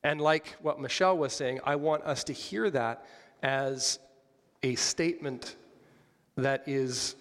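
A man's voice: medium pitch, slow pace, fairly bright tone, long reverb tail. A man preaching a conversational sermon, asking the congregation questions and joking lightly. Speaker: pastor.

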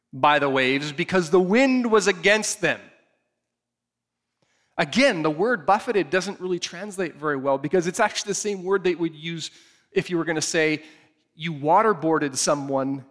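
A man preaching a sermon, retelling a scripture story with animated, acted-out storytelling. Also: high voice. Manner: animated storytelling, acts out the scene. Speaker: pastor.

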